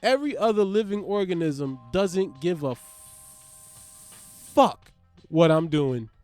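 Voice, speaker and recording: High-voiced New man riffing. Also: lively intonation, slow pace, long pauses, no echo, faint music behind. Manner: loose, profane, riffing with big swings in pitch and loudness. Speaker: podcast host. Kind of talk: casual comedic monologue.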